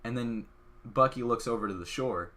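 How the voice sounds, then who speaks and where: A man hosting a podcast, excitedly retelling a film in a casual, chatty way full of "like" fillers. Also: mid-range voice, normal speed. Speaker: podcast host. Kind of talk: casual movie recap.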